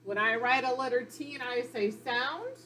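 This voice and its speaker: A woman teaching young children phonics in a recorded lesson, speaking slowly and clearly in an encouraging way. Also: a little high, sharp tone, slight background noise.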